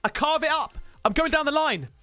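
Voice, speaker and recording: A man streamer telling a story to his viewers in an excitable way, swearing freely and talking straight to the audience. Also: very high-pitched, a little fast, no room sound, faint music behind. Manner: excitable, swears a lot, addresses viewers directly. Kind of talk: animated storytelling to a live stream.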